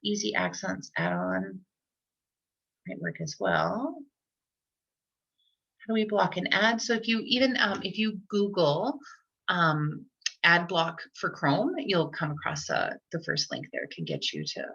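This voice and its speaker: A woman's voice: lowish voice, very animated, a little slow, vocal fry, fairly bright tone, breathy edge. Woman walking teachers thru tech on a video call, chatty w lots of ums, kinda dull lo-fi sound. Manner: chatty, filler-heavy, restarts often. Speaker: teacher workshop presenter. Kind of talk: live online tech tutorial. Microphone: computer mic on a video call. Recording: dull lo-fi online call audio.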